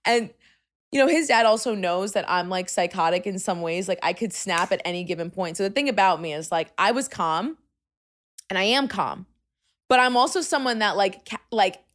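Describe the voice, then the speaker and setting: A young woman hosting a podcast, telling a story in casual chat, swinging from hushed asides to loud, exasperated outbursts and using "like" constantly. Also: medium pitch, moderate pace. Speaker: podcast host.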